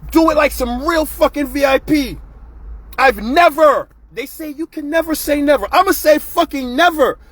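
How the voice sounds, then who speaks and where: A man's voice: very high-pitched, normal speed, fairly bright tone. A man hosting his own show, ranting bluntly and profanely in a casual, fired-up monologue. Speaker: show host.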